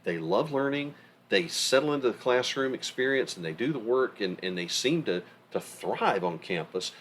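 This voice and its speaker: A man's voice: medium pitch, normal speed, a little hiss or hum. A middle-aged man co-hosting a podcast, talking in a casual, emphatic way. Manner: animated, emphatic storytelling. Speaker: podcast co-host. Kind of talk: casual conversation.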